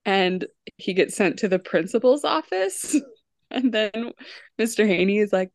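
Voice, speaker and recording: A woman's voice: mid-range voice, lively intonation, unhurried, dry recording, clean studio sound. Giggly woman retelling scenes. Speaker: podcast co-host. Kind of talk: casual podcast chat.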